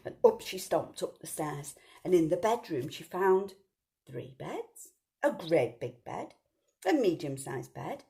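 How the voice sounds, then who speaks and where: A woman's voice: lowish voice, big pitch swings, measured pace, vocal fry, dark tone. A woman telling a children's story, sing-song and asking the listeners questions.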